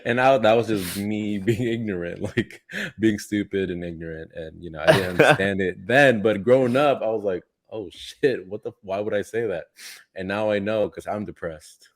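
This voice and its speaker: A man's voice: fairly low pitch, normal speed. A man from the Philippines co-hosting a casual podcast, swearing freely and joking and laughing through his stories. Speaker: podcast co-host. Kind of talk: casual chat.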